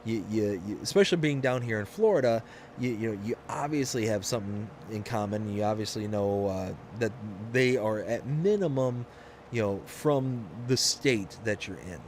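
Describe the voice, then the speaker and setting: A man's voice: on the low side, normal speed, a little hiss or hum. A man from Michigan hosting a live game stream, chatting casually and rambling through stories with frequent restarts. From Michigan, USA.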